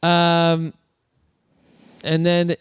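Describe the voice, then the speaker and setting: A man's voice: extremely slow, clear, resonant tone, no echo, clean studio sound. A man co-hosting a podcast, chatting casually about a film, laughing often and acting out lines. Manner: animated, laughs often, acts out lines in high voices. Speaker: podcast co-host. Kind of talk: casual chat recapping a film.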